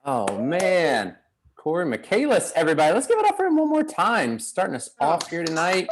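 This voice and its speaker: A woman's voice: fairly low pitch, wildly swooping pitch, normal speed. A woman hosting a comedy show, hyping the crowd between acts. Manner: upbeat crowd hype, rising swings.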